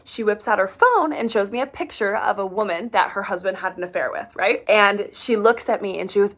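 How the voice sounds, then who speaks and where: A woman in her thirties tells a casual storytime to her camera, animated and full of fillers. She has a mid-range voice and sounds freshly sweaty from a workout class. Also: mid-range voice, moderate pace, hardly any pauses. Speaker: vlogger.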